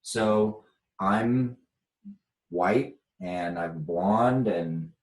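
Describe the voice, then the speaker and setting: Slow, reflective American man, roomy echo. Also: fairly low pitch, sing-song, vocal fry. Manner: reflective, unhurried, chuckles often. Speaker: workshop teacher. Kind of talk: spiritual workshop talk.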